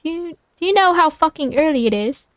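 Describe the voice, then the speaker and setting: A woman's voice: high voice, expressive, fairly quick, fairly bright tone, dry recording, studio quality, voice pushed up. A woman voicing an irritated, sleepy young man in a shaky British accent that slips toward Irish. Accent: attempted British, drifting Irish. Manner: curt, annoyed.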